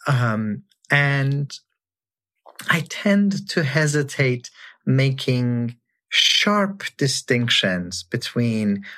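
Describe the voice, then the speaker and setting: A man talking thoughtfully in an online interview, sometimes reading poetry lines in a hushed voice. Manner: slow, lively pitch, reads poem lines with hushed voicing. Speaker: guest scholar.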